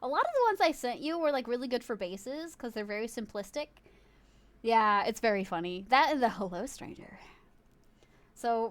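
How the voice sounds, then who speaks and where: A woman's voice: fairly high pitch, no echo. Giggly, chatty woman streamer. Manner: chatty and giggly, swears casually, talks to a friend in chat. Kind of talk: casual chat with a live stream audience.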